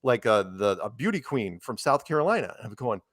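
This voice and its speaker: A man's voice: mid-range voice, big pitch swings, fairly quick, a bit bright, dry recording, studio quality. Rambling man telling stories on a call. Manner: rambling storyteller, quotes people. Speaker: guest. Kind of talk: casual chat.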